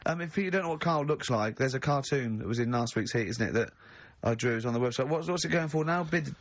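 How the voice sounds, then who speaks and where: A man's voice: medium pitch, quick pace, no room sound, muffled recording. A man hosting a radio show in casual chat, rambling through anecdotes and laughing often.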